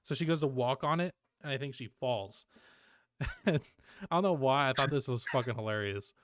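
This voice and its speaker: A man's voice: mid-range voice, lively intonation, normal speed, no echo, clean studio sound. A young man co-hosting a casual podcast, laid-back and laughing often as he plays clips. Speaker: podcast co-host.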